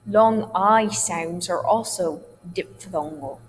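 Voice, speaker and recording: A woman's voice: on the low side, slow. A woman theatre teacher giving a recorded dialect lesson, explaining sounds in a patient, reassuring way. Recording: long hall reverb, faint hum.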